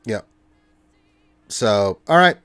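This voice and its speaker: Extremely slow but expressive, this livestream host has a fairly low, fairly bright, clean voice with no room sound and soft music behind it. His casual chat and sign-off are rambling and full of fillers.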